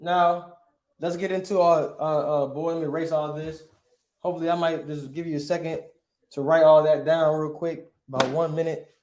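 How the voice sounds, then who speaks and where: A man's voice: fairly high pitch, flat delivery, moderate pace, darkish tone, echoey room. A man teaching a lesson, asking rhetorical questions and punctuating points with emphatic asides. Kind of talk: classroom lesson.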